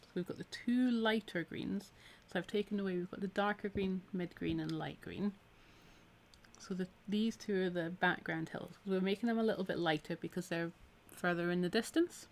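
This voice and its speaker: On a live craft stream, a Scottish woman demonstrates needle felting, keeping up friendly, encouraging chatter as her hands work. Her voice is on the low side and moderately paced, a bit tired from a week of talking, with slight background noise behind it.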